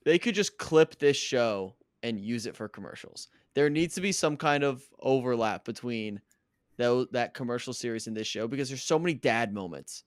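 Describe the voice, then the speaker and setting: A man's voice: mid-range voice, moderate pace, no room sound, studio quality. A man in his twenties co-hosting a casual recap podcast, chatty and laughing often. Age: 20s. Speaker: podcast co-host.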